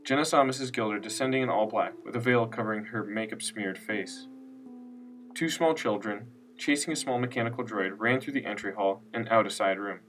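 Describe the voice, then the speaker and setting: A man narrating a scripted story in a steady, unhurried reading voice. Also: fairly low pitch. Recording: distant mic with faint music.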